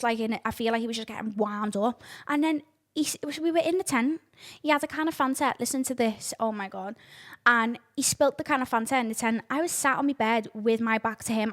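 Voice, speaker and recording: A young woman, hosting a casual podcast, oversharing and swearing freely in animated outbursts. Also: on the high side. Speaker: podcast host. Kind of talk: casual chat.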